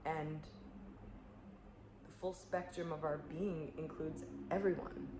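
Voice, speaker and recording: A woman spiritual coach speaking in an earnest, searching way, full of "like" and soft laughs, in a reflective monologue. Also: sits low, fairly even intonation, slow. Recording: echoey room with clear background noise.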